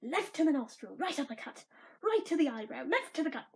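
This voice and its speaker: A woman's voice: high voice, very animated, a little fast, creaky, exaggerated voice. A woman voicing a small, dreamy storybook man who speaks in sing-song rhymes. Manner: sing-song rhyming recitation.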